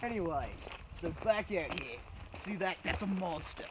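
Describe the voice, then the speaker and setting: High-pitched man, put-on Australian accent, farm tour at night, deadpan, camera on the move, loud background noise. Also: normal speed. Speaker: vlogger giving a farm tour. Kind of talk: joking tour narration. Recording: noisy outdoor recording.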